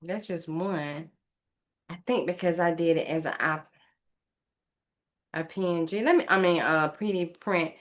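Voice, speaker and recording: A woman's voice: lowish voice, measured pace, pauses often. A woman casually narrating a craft tutorial, thinking aloud and rambling to her viewers as she works. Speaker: craft vlogger.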